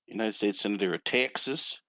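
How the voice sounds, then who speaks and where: A man's voice: fairly low pitch, fairly quick, bright, forceful tone. A man co-hosting a casual podcast chat, dropping dry, wry asides. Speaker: podcast co-host.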